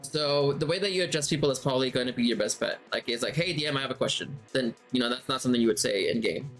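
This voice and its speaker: A man's voice: mid-range voice, quick pace, fairly bright tone, soft background music. Man teaching game mastering, thinking aloud. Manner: conversational, thinks aloud and rephrases mid-sentence. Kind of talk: casual spoken lesson answering questions.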